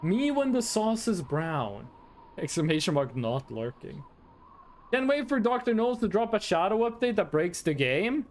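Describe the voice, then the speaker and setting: A man's voice: high voice, big pitch swings, normal speed, darkish tone, a little hiss or hum. A man from Norway, chatting casually with his stream chat in a playful, rambling, teasing way.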